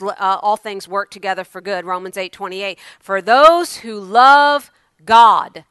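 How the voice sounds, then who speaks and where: A woman preaching a sermon, moving from loud exclamations to hushed asides. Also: medium pitch, clear, resonant tone, no echo.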